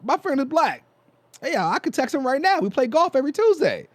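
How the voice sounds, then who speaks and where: A man puts on a smug, self-satisfied character who keeps bragging about his one golf buddy. The voice is pitched high and cartoonish, and it leaps and swoops as it goes. The sound is close and dry. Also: sing-song, fairly quick, dry recording. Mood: mocking. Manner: high, exaggerated mocking voice.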